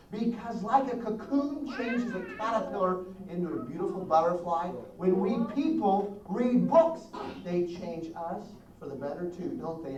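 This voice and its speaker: A middle-aged woman performing a children's puppet show at a school assembly, animated and exaggerated, with gasps and call-and-response to the audience. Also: medium pitch, highs cut off. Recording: roomy hall audio from far off, with children's crowd noise. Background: crowd of children.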